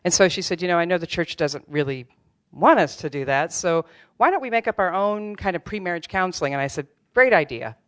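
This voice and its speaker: A woman's voice: fairly low pitch, animated, fairly quick, few pauses. A middle-aged woman telling a true personal story on stage, candid and wry, with self-deprecating humor. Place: theater stage before a live audience.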